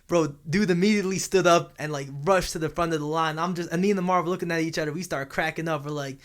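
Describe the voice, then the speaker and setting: A man's voice: on the high side, fairly even intonation, fast talker. A young man co-hosting a podcast, telling a campus story in a laid-back, slangy way. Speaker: podcast co-host. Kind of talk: casual storytelling chat.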